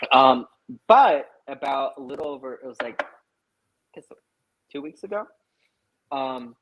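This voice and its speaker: A young man with a mid-range voice swears heavily and leans on "like" as he tells a story while guesting on a live stream. The recording is low quality.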